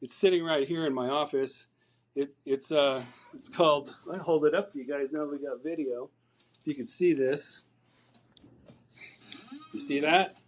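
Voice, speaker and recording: A man's voice: fairly high pitch, moderate pace, pauses often, a little hiss or hum. Man telling a long rambling story. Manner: rambling, repeats words, recounts dialogue. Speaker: podcast guest. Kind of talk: storytelling in a conversation.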